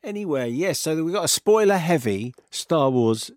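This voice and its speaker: A man's voice: a little high, animated, moderate pace, darkish tone, no room sound. A man co-hosting a radio show, chatting casually in a dry, self-mocking way, drowsy from lack of sleep. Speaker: radio co-host.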